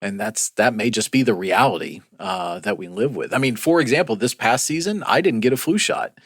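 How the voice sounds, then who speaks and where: A man co-hosting a news podcast, explaining stories in a measured, casual way with frequent fillers. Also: medium pitch, lively intonation, breathy edge, dry recording, clean studio sound. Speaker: podcast co-host.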